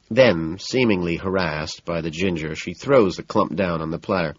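A man narrating an audiobook in the first person, with a measured, wry delivery. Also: sits low, husky, dry recording. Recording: dull, muffled audiobook recording.

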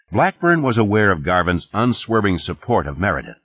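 A man narrating an audiobook in a steady, scripted storytelling style. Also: fairly low pitch, a little fast, slightly rough, no room sound. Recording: dull, dry studio recording.

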